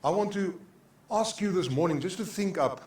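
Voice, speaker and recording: A man's voice: high-pitched, lively intonation, moderate pace, darkish tone. An older man with a South African accent preaching a sermon as pastor. He preaches with passion, repeats his phrases and slips into Afrikaans. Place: church sanctuary. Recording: echoey church hall.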